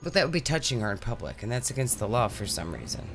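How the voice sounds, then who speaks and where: A woman's voice: extremely low pitch, very animated, fast, over music. Woman, co-host, casual reaction banter, sarcastic and mocking.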